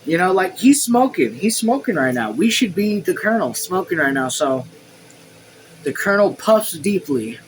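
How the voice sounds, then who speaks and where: A man's voice: high-pitched, expressive, moderate pace, a little hiss or hum, poor audio. A man reading a novel aloud at home, casual, stumbling over words and swearing in asides. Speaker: audiobook reader. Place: home room.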